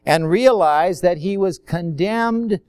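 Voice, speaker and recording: Man, preacher, high pitched, smooth clear voice, dry close sound, rhetorical questions, conversational sermon. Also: slow, a little mellow, no echo.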